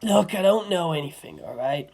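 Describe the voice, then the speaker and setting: A woman voicing a gruff, nervous teenage boy who mutters low and quiet. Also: lively intonation, moderate pace. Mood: placating.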